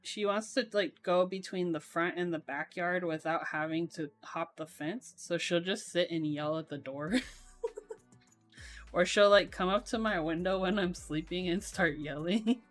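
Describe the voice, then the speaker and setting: A young woman streaming, chatting casually while she builds a keyboard, in a voice she calls monotone and with frequent laughter. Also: fairly low pitch, unhurried, soft background music. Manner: self-described monotone voice, laughs often.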